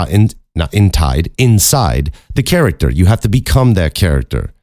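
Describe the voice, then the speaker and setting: A man's voice: sits low, darkish tone, no room sound, clean studio sound. A man from Chicago, a podcast host and voice actor, talking casually and candidly about his craft, with swearing and joking asides. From Chicago, USA. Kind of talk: casual monologue.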